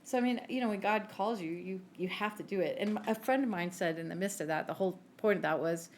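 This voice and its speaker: A woman's voice: medium pitch, fast talker, a little hiss or hum. A woman co-hosting a podcast, animatedly telling a personal faith story and acting out the conversations in it. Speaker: podcast co-host.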